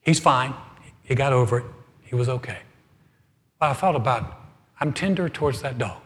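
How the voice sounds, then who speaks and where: A middle-aged man preaching as pastor, telling a humorous story with animated swings from loud to soft. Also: mid-range voice, moderate pace. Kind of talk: humorous sermon. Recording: hall reverb.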